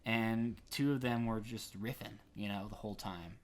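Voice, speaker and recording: A man's voice: fairly low pitch, steady tone, normal speed. A young man co-hosting a podcast, talking casually, rambling, swearing and laughing often. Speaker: podcast co-host. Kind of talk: casual chat.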